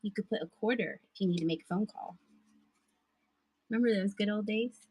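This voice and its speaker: A woman's voice: medium pitch, brisk, darkish tone, breathy edge, rough recording. A woman hosting a live thrift sale, chatting casually with viewers and laughing often. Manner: chatty, giggly, talks to chat viewers. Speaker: live-stream thrift seller. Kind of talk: casual live-selling chat.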